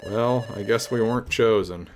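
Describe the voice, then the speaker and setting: A man's voice: on the low side, moderate pace, background noise. A man streaming a retro game live, talking casually to his chat with wry, self-mocking jokes and free swearing. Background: game music.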